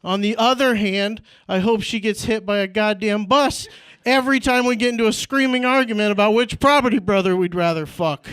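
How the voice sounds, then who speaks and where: A man's voice: high-pitched, fairly quick, a bit bright, clean tone, no echo. A young man from Indiana performing a stand-up comedy set, peppering his lines with "like" and "right?" and laughing at his own jokes. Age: young adult. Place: comedy club stage.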